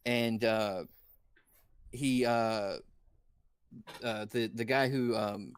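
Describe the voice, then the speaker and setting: A man narrating a tabletop game as dungeon master, halting often with fillers. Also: on the low side, fairly even intonation, smooth. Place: indoor stream room.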